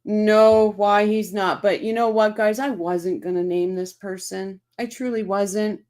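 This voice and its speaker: A woman hosts a true crime livestream in a casual, unscripted way. She reads viewer comments aloud and answers them bluntly, with plenty of swearing and indignation. She talks slowly and deliberately, at a mid-range pitch. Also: steady tone, a little mellow.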